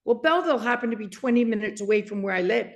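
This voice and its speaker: A woman's voice: fairly high pitch, rapid-fire. A woman in her sixties from Canada, a guest author recounting a story with frequent laughter and acted-out dialogue. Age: 60s. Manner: lively, laughs often, acts out quoted dialogue. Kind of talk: animated storytelling in an interview.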